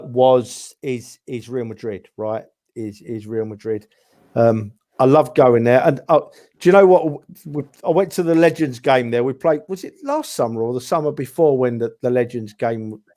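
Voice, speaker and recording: Chatty guy telling footy stories, lots of "mate", mid pitch. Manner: animated storyteller, says "mate" and "right?" a lot. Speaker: podcast regular. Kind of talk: casual chat.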